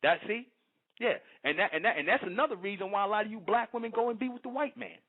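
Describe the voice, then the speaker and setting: This fast-talking man, whose voice sits high, delivers a lecturing monologue that circles back on itself and preaches, repeatedly checking "you understand?" The sound is thin and tinny, like a phone call.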